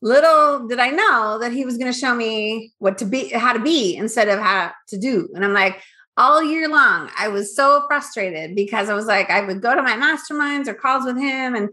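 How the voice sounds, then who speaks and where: A woman in her fifties, a business owner from Northern California, telling her story in a candid, animated interview chat. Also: fairly high pitch, moderate pace. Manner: candid and animated, acts out her past thoughts.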